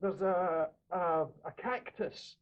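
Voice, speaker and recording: A Glaswegian man reminiscing casually in an interview, telling animated stories and laughing often. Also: high-pitched, slow pace. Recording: dull lo-fi radio recording.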